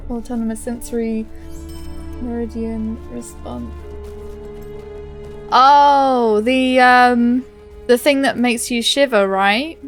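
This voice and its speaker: A woman's voice: a little high, steady tone, slow, long pauses, soft background music. A woman game streamer chatting with viewers and reading quest text aloud, with a giggly, chatty manner.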